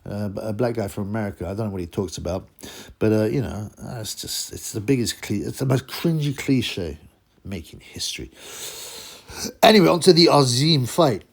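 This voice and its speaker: A man's voice: lowish voice, brisk, vocal fry. A man hosting his own boxing channel, rambling and mocking in casual commentary.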